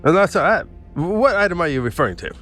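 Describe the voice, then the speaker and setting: A blustering, foul-mouthed English gentleman in a tabletop game, haughty and full of scorn, as a game master puts him on. His put-on English accent sits a little high, and faint music plays behind him. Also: sing-song, quick pace. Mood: indignant. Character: crude, bigoted English gentleman collector, man.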